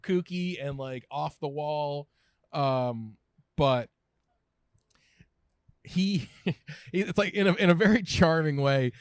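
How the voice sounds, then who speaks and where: A man in his thirties, a food writer and podcast guest, talking casually with lots of restarts, fillers and quick laughs. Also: on the high side, clear, resonant tone, dry recording, studio quality. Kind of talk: casual conversational chat.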